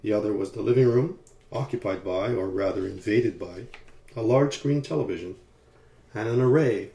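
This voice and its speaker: A man reading a story aloud in calm, measured audiobook narration. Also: on the low side, gravelly. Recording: roomy echo.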